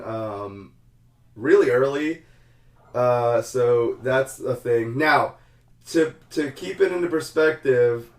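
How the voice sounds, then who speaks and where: A man hosting a podcast, chatting casually about gaming news with relaxed, rambling delivery. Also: mid-range voice, roomy sound. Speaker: podcast host.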